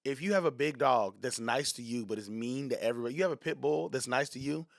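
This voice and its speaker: A man and comedian chatting casually on a podcast, telling animated stories and acting out little voices. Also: mid-range voice, fast talker, creaky, no echo, studio quality. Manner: animated storytelling, acts out voices.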